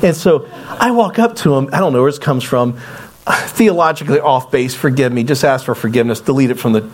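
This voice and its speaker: A middle-aged man preaching, telling a personal story with lively acted-out quotes and self-deprecating asides. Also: medium pitch, brisk. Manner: animated storyteller, acts out quoted voices. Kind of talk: storytelling sermon.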